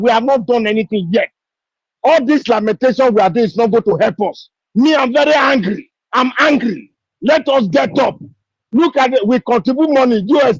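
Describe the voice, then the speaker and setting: Taking part in an online discussion, a man with a Nigerian English accent gives a fiery, impassioned speech, piling up repeated rhetorical questions. His voice is very high, darkish and husky, with no echo, over dull lo-fi call audio.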